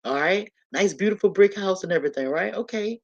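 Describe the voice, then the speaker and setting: A woman vlogger telling a personal story to her viewers in a casual, animated way, speaking straight to them and repeating phrases for emphasis. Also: medium pitch, brisk, dull audio.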